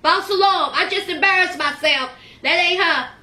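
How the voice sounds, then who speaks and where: A woman's voice: extremely high pitch, normal speed, bright, forceful tone, echoey room. A woman voicing a flustered, embarrassed young woman who keeps repeating herself.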